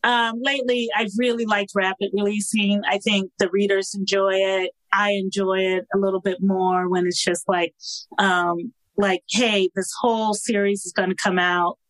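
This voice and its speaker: A woman's voice: medium pitch, level tone, normal speed, no echo, low-quality recording. Chatty woman author guest, laughs often, dry close sound. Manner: chatty, laughing, many fillers. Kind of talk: casual podcast interview.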